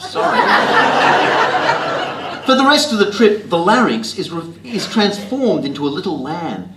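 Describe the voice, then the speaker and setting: An Australian man reading his own comic writing aloud to an audience with a wry, deadpan, self-mocking delivery, in a library talk venue. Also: a little high, noisy background. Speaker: author reading his work. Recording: roomy hall with faint ambience.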